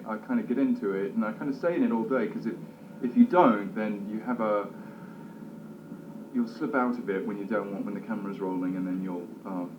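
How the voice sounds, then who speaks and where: A male actor talking about his role in a casual interview, thoughtful and relaxed, with many fillers and restarts. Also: on the low side, background noise. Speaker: actor discussing his character. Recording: slightly dull, roomy recording.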